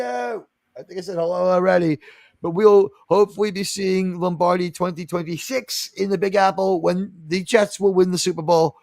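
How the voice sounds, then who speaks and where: A man's voice: high voice, steady tone, moderate pace, creaky, a little mellow, no echo, clean studio sound. A man hosting a casual streamed panel talk show, rambling and joking with frequent laughs. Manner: rambling, jokey, laughs often.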